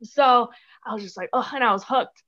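A chatty, giggly woman from the Chicago area whose voice sits a bit high. She talks freely, with lots of fillers, and the audio is dull and lo-fi. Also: moderate pace, a bit bright. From Chicago area, USA. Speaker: podcast guest. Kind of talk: casual interview chat.

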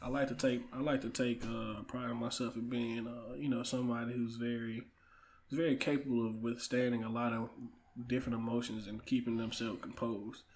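A man's voice: mid-range voice, flat delivery, a little fast, a little mellow, a little hiss or hum. A young man, a guest on a casual podcast, talking with confident, playful bravado about family and coaching. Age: young adult. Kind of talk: casual chat.

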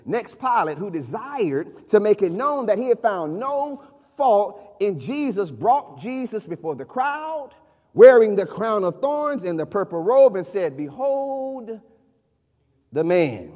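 A man's voice: sits high, sing-song, a little slow, a little mellow. A man preaching a sermon, emphatic, driving his points home by repeating phrases. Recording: long reverb of a large hall.

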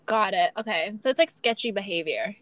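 A woman's voice: mid-range voice, brisk, no room sound. A woman co-hosting a casual chat, thinking aloud and guessing at meanings. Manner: relaxed, thinks aloud with fillers. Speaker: podcast co-host.

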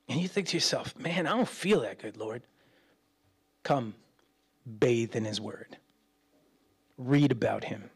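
A middle-aged man preaching as a pastor in a chatty way, acting out quoted voices and swinging between loud and hushed. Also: on the high side. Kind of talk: sermon.

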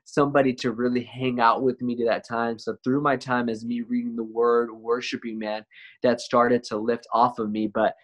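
A man's voice: mid-range voice, flat delivery, normal speed. A man as an interview guest, telling a personal testimony in a casual, conversational way, often saying "man" and "like" and restarting his words.

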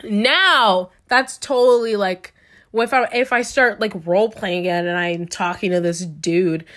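A woman's voice: medium pitch, unhurried, fairly bright tone. A young woman telling a story in a storytime vlog, dramatic and cringing, with laughs and exclamations.

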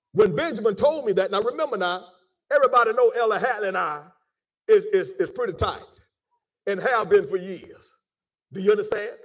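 Fervent high-voiced preacher. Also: male voice, recorded from a distance. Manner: fervent, repeats words, rising to shouts. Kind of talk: impassioned preaching address.

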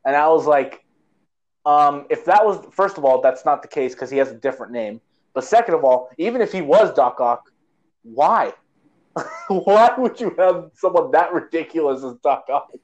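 A man's voice: a little high, animated, moderate pace, darkish tone, dull audio. A man co-hosting a casual movie-review chat, rambling and sarcastic, with many restarts. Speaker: podcast co-host, movie reviewer.

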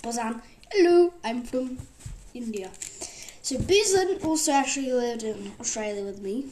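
A woman with a fairly high voice hosts her own podcast, rambling casually and padding her sentences with "like" and "actually". A faint hiss sits under her voice. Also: animated, a little slow, a little mellow. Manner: rambling, full of fillers like "like" and "actually". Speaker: podcast host.

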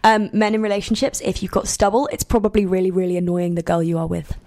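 A woman's voice: medium pitch, flat delivery, warm tone. Chatty young woman podcaster. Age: 20s. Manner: chatty, measured, many "um"s and "like"s. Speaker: podcast co-host. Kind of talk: casual chat.

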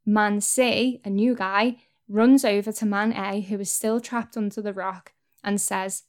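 A woman's voice: mid-range voice, fairly even intonation, unhurried. A young woman vlogging, talking candidly and earnestly to camera and swearing now and then. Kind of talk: personal talk to camera.

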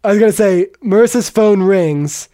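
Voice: medium pitch, moderate pace, mellow, no room sound, studio quality. A podcast co-host chatting casually about a TV episode and laughing often. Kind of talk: casual chat recapping a TV episode.

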